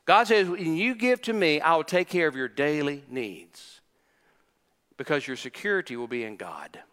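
An older male pastor preaches with a bright, ringing, forceful tone. His voice sits somewhat high for a man, and he drives his points home through repetition and questions to the room. Long reverb from the church hangs on every line. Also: lively intonation, moderate pace. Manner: emphatic preacher, repeats phrases, asks the congregation questions. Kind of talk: sermon. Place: church sanctuary.

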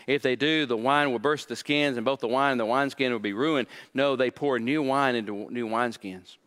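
A man's voice: medium pitch, a bit bright. A man, a pastor, preaching a sermon and acting out the voices of the people he quotes.

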